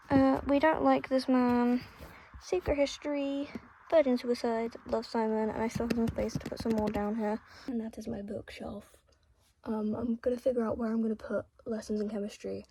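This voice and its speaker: A young woman chatting casually through a reading vlog at home, emotional and swearing freely, drifting between soft murmurs and excited outbursts. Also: high-pitched, vocal fry, a little hiss or hum. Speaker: book vlogger.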